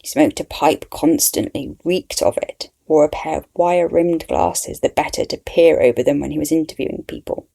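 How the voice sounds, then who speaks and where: A woman's voice: deep voice, normal speed, gravelly, few pauses, dark tone. A woman narrating a story in the first person with a wry, dry manner.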